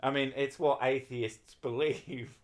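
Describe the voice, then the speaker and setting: A man's voice: mid-range voice, steady tone, slow, a little hiss or hum. A man chatting casually on a livestream, rambling and swearing while he talks to his viewers. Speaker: streamer.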